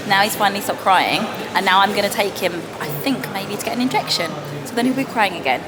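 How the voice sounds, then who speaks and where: A woman's voice: medium pitch, fast, few pauses. A woman, vlogging candidly and chattily about her day as a new mum. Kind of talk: casual vlog chat. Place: car, then hospital hallways. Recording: noisy background.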